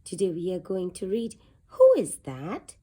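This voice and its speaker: A woman hosting a channel and reading a picture book aloud to children, slow and sing-song as she stretches out the words. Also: on the low side, expressive, dark tone, slightly rough.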